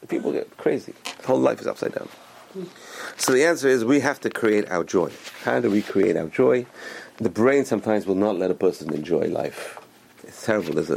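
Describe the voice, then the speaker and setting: A man's voice: on the low side, creaky, darkish tone, slight background noise. A man giving a spoken religious talk as a teacher, enthusiastic and repeating words for emphasis.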